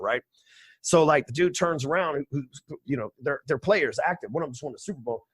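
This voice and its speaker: A man's voice: medium pitch, fairly quick, slightly rough, dry recording. A man in his forties, a podcast guest telling stories in a brash, profane, streetwise way. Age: 40s. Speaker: podcast guest, sales trainer. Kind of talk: casual storytelling interview.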